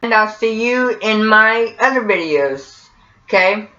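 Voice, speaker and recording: A man's voice: high-pitched, expressive, unhurried, sharp tone. A man from the United States with an American accent, hosting a casual how-to video and often hesitating with ums and repeated words. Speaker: vlogger. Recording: roomy, dull lo-fi sound.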